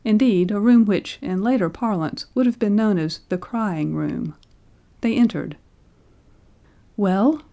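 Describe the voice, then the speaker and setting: A woman narrating a classic audiobook in a measured, expressive way. Her voice is mellow and warm, at an average pitch for a woman. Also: creaky. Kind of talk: scripted literary narration.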